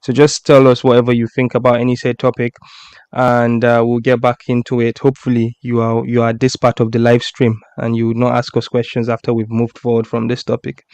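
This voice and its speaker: Male streaming host, clear resonant voice, dry close sound, chatty and easily amused. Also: medium pitch, monotone, fairly quick, darkish tone, no echo, muffled recording. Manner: laughs often, reads tweets aloud. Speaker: podcast host. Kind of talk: casual live-stream chat.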